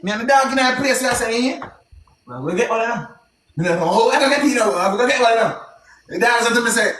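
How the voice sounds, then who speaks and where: Animated young Jamaican man telling street stories. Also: very high voice, quick pace, echoey room, slight background noise. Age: young adult. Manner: animated, patois-heavy street storytelling with shouted exclamations. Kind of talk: casual storytelling.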